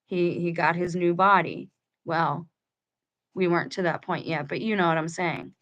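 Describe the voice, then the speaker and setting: A woman's voice: on the low side, steady tone, normal speed, fairly bright tone, highs cut off. A woman reading a book aloud to her viewers and breaking off into casual commentary, talking in a conversational way with restarts. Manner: conversational, chatty asides to viewers, restarts mid-sentence.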